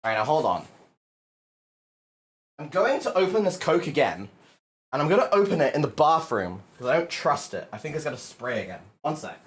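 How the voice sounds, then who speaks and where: A man's voice: a little high, big pitch swings, fairly quick, pauses often. A male livestreamer chatting casually to his viewers, exasperated and swearing a lot as he cleans up.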